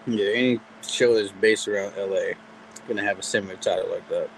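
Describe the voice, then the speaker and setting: A man in a casual podcast chat, speaking quietly and hesitantly, often trailing off. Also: fairly low pitch, fast talker, a little hiss or hum, poor audio.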